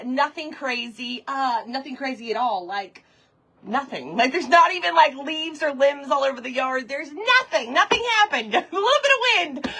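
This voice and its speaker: A woman's voice: high voice, pushed and bright. A woman hosting a live craft stream, chatting casually and greeting viewers one by one by name. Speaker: livestream host of a craft show. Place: home woodshop.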